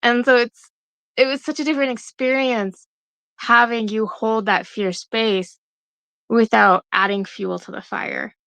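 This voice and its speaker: Soft-spoken woman podcast co-host. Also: on the high side, fairly even intonation, a little slow, gravelly, clear, resonant tone, dry recording. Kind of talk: casual podcast conversation.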